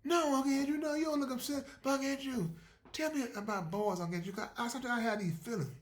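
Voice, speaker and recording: A man's voice: very high-pitched, quick pace, voice pushed up. A man voicing his teenage niece, an earnest girl who keeps coaxing and repeating his name. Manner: coaxing, repeats "Uncle Andrew".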